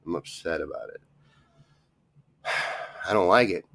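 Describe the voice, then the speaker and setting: A man's voice: sits low, slow, gravelly, sharp tone. A man hosting a podcast on his own, talking in a rambling, profane, grumbling way. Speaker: podcast host. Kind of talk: casual solo rant.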